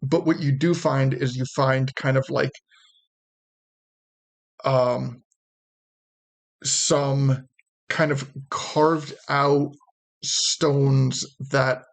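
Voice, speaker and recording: A man running a tabletop role-playing game as game master, describing scenes in a hesitant, halting way with many restarts. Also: mid-range voice, steady tone, gravelly.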